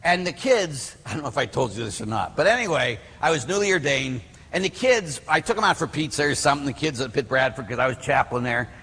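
A middle-aged priest from Pittsburgh with a husky voice, preaching through animated stories told with many fillers. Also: male voice, mid-range voice, fast, hardly any pauses, in a large hall. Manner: animated storyteller acting out quotes, many fillers. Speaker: Catholic priest. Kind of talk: storytelling sermon.

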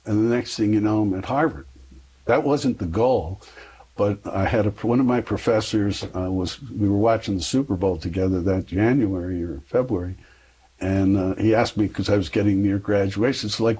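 A man's voice: on the low side, normal speed, dark tone, husky, rough recording. A middle-aged man, a guest on an interview, telling a long personal story in a rambling, self-deprecating way with frequent fillers.

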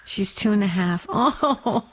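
A woman hosts a faith call-in radio show and answers her callers with steady encouragement. Her voice sits in a medium range, and she fills pauses with soft murmurs of agreement. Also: mid-range voice.

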